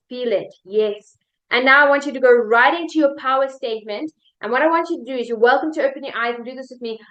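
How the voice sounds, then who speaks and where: Woman, life coach, high voice, upbeat, chant-leading, dull lo-fi sound. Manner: upbeat, leads chants and repeat-after-me drills. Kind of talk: guided motivational workshop video.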